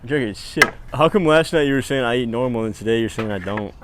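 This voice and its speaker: A man's voice: mid-range voice, fast, background noise. A young man with a mid-range voice talks earnestly in a casual grill-side podcast with friends. He sounds a bit defensive when teased. His delivery is plain and conversational. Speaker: podcast co-host. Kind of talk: casual chat while grilling. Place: outdoors at a backyard grill.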